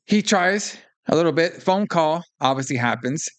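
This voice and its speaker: A man's voice: fairly high pitch, moderate pace. A man co-hosting a podcast, casually retelling a film's plot and acting out the characters' lines. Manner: animated retelling, acts out lines, swears. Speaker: podcast co-host. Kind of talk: casual film recap chat.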